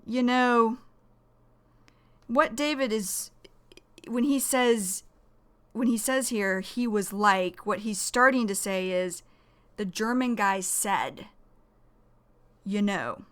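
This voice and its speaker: A woman teaching English vocabulary, explaining each word slowly and carefully. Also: medium pitch, a bit bright, clear, resonant tone. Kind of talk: vocabulary lesson.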